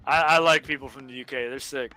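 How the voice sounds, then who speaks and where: A man's voice: mid-range voice, steady tone, sharp tone, low-quality recording. A man in his twenties chatting casually about old online games, rambling with many fillers and swear words, often breaking into laughter. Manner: quick bursts of laughter while storytelling. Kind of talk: casual gaming chat.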